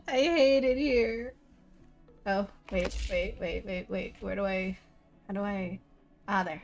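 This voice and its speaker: A woman's voice: mid-range voice, expressive, drawn-out words, pauses often, darkish tone. A young woman streamer giving casual gameplay commentary, swearing and playing up mock-dramatic self-pity.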